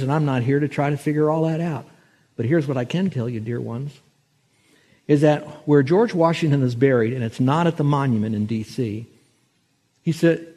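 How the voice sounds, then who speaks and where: A man preaching a sermon as a pastor, telling stories and slowing down with rising force when he quotes scripture. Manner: storytelling, slows and rises in pitch and loudness for scripture.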